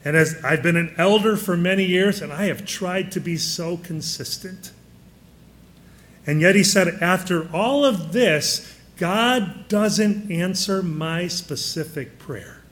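A man's voice: high voice, takes it slowly, a bit bright. Man preaching a conversational sermon. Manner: conversational, asks the listeners questions.

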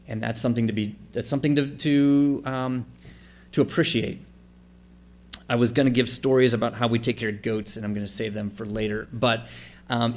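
This gravelly, lowish male voice belongs to a pastor delivering a sermon. He reads passages of scripture, explains them in a questioning, conversational style, quizzes the congregation, and spells out letters to stress a point.

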